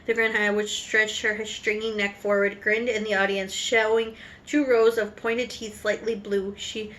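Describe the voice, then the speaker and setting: A woman teacher reading a storybook aloud to her students, with halting slips and restarts. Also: medium pitch, level tone, a bit bright, low-quality recording.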